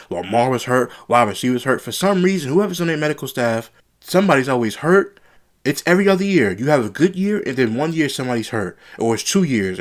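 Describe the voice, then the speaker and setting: A man giving a casual, frustrated sports reaction, often repeating himself as he gets worked up. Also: mid-range voice. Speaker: sports commentary vlogger.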